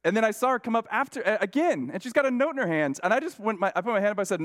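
A man with a fairly high voice preaches as a guest speaker. He talks casually and personally, restarting sentences and dropping in self-deprecating asides as he tells stories to a congregation. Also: lively intonation, quick pace, fairly bright tone. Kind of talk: conversational sermon.

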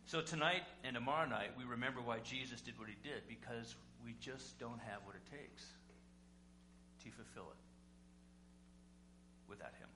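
A male pastor preaching a sermon conversationally, asking rhetorical questions and swinging between loud and quiet. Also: medium pitch, moderate pace, long pauses. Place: church sanctuary. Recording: echoey room with faint hum.

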